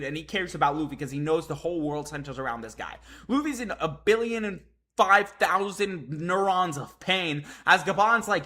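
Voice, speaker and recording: A hyped man reacts live while reading a comic chapter, swearing freely as the excitement builds. His voice is bright and forceful and sits a little high for a man. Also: moderate pace. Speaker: streamer reading a manga chapter. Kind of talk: live comic read-along commentary.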